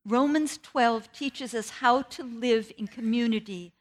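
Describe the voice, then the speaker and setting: A woman preaching a sermon, earnest and personal, telling a story from her own family life with lively pitch swings. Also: measured pace.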